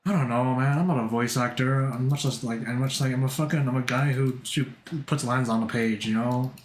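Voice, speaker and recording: A man's voice: mid-range voice, fairly even intonation, brisk. A man streaming live, chatting casually to his viewers, rambling and self-mocking with lots of swearing. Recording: roomy echo.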